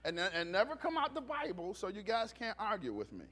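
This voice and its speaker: At a church service, a man preaches a conversational sermon as if chatting with his congregation, teasing them and growing loud when a story gets funny. His high, bright voice moves briskly and swings hugely in pitch, and his manner is easygoing and folksy.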